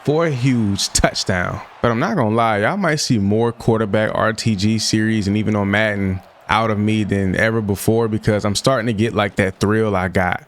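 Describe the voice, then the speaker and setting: A man's voice: on the low side, moderate pace, few pauses. A young man giving casual, slangy gameplay commentary, often frustrated as he plays. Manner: frustrated, slangy, self-talk while playing. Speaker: gaming YouTuber.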